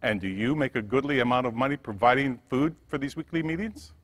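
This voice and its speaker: A man's voice: medium pitch, fairly quick, lightly acted. A man voicing a wealthy, kind middle-aged businesswoman who speaks politely but insists. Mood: gracious. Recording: church hall reverb.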